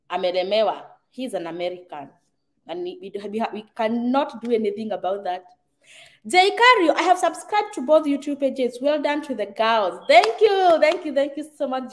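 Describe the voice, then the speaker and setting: A middle-aged Kenyan woman with a Kenyan accent and a fairly high voice hosts a casual live stream, reading out viewer comments. She's chatty, laughs often and slips into Swahili phrases.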